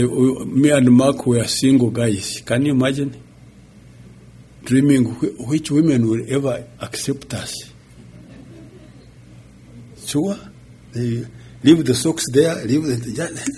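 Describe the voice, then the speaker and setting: A man in his sixties, a pastor giving a halting, chuckling personal testimony. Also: medium pitch, mellow, a little hiss or hum. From Uganda. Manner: slow, halting storytelling with chuckles.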